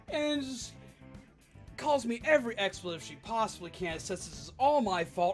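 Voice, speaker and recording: A young adult livestream host telling a work story in an animated, sarcastic rant while chatting with viewers. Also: medium pitch, normal speed, faint music behind. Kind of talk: live stream storytelling rant.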